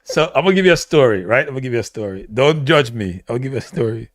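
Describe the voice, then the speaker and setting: A middle-aged man from Jamaica with a Jamaican accent, chatting casually about football as a host and telling animated stories with lots of repeats. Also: medium pitch, fast talker, dry recording, clean studio sound. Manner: animated storytelling, frequent repeats and laughs. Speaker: show host.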